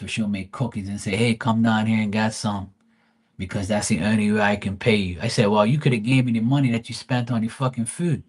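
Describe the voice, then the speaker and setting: A man hosting a livestream, telling rambling family stories in a blunt, teasing way and swearing freely. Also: fairly low pitch. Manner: rambling with many fillers and asides. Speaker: tarot reader and livestream host. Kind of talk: casual storytelling.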